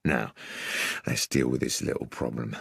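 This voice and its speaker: A gruff, boastful street killer with a low, husky growl, as a male reader puts him on. He talks with rough menace in a dry, close storybook reading. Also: steady tone, normal speed, no echo, exaggerated voice. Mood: menacing.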